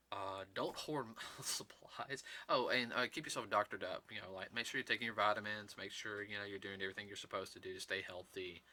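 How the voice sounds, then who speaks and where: A man hosting a casual talk show, speaking in an earnest, rambling way with halting restarts. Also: lowish voice, bright, forceful tone. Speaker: host. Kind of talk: casual chat.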